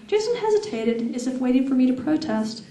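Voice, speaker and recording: Woman author, live reading, slightly high voice, roomy echo. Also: fairly quick, distant mic. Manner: steady reading with laughing asides to the audience. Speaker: author reading her novel. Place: event room with audience. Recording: echoey event room.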